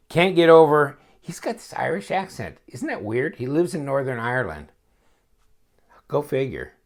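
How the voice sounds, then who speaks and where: A man's voice: medium pitch, creaky. A man reviewing a knife in a casual unboxing chat, rambling and thinking aloud with wry, joking asides. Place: home, at his inspection table.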